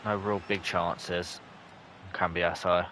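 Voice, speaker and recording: A young male gaming streamer gives live commentary on a match and chats with viewers, reading their messages and bursting into shouts at near misses. His deep voice is slow with little pitch movement, and a slight hiss or hum is audible.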